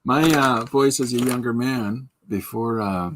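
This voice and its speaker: With a mid-range voice and a little hiss or hum in the audio, a man hosts a podcast livestream at an unhurried pace. He jokes and rambles while drawing, and he reads out and answers comments from the chat.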